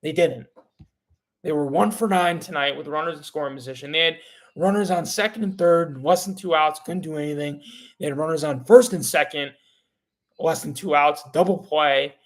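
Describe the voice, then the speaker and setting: A man's voice: a little high, moderate pace. Fed-up male fan ranting. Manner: frustrated, repetitive, stammering restarts. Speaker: podcast host. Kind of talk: angry fan rant.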